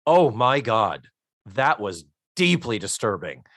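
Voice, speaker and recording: A man in his fifties co-hosting a casual podcast chat, animated and swearing freely as he acts out scenes. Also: lowish voice, slow pace, no room sound, clean studio sound. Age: 50s. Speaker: podcast co-host.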